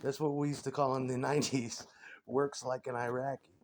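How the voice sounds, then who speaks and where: A man's voice: mid-range voice, little pitch movement, brisk, a little mellow, slight background noise. A man in his forties delivering a rambling, crude comic monologue, laughing often and stumbling over repeated words.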